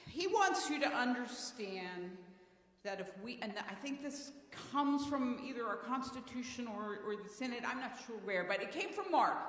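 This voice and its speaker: A woman's voice: a little high, a bit bright. A woman leading a congregational meeting, chatty and stumbling over her words now and then. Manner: chatty, with false starts. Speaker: meeting leader from the church council. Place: church hall. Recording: roomy, echoey church hall.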